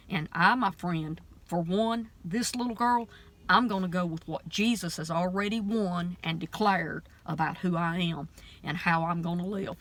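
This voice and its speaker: Earnest storytelling woman, lowish voice. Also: a little slow, a bit bright. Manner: earnest, emphatic, preachy storytelling. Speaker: preacher and vlogger. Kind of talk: casual faith vlog monologue. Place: out running errands between stores.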